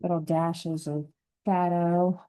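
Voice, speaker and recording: Woman painting instructor; warm, low-pitched, relaxed, narrates her brushwork as she goes. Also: poor audio. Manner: gentle, unhurried, thinking aloud while painting. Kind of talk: step-by-step painting lesson.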